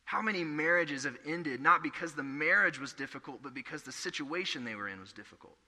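Young male pastor, earnest storytelling sermon, bright tone, echoey church hall. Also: a little high, animated, fairly quick. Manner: earnest, conversational preaching with storytelling.

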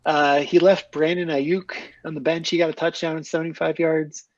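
A man's voice: on the high side, level tone, moderate pace, no room sound, distant mic, lo-fi sound. Teasing man, set back from mic. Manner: teasing, laughs mid-sentence. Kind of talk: casual chat.

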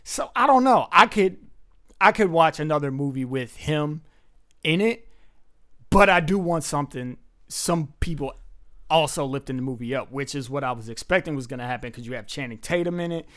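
A man's voice: a little high, animated, moderate pace, a bit bright. A man in casual chat as a podcast co-host, speaking emphatically and with strong opinions.

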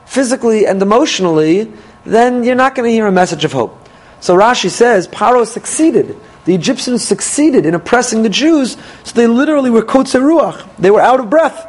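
A man's voice: sits high, poor audio. A man teaching a Torah class, quoting Hebrew verses and commentaries and asking rhetorical questions he then answers. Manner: animated, asks rhetorical questions and answers them.

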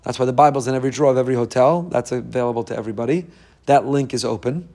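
A man's voice: medium pitch, rapid-fire, dark tone. A man giving an informal Torah talk as a religious teacher, humorous, self-deprecating and conversational, with sudden emphatic rises.

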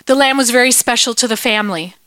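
An earnest prophet tells a parable in a children's Bible story, as a woman puts him on. He speaks quickly and keeps the voice fairly high. The recording is dry and close. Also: a bit bright, dry recording, natural voice. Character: solemn prophet telling a parable, adult man.

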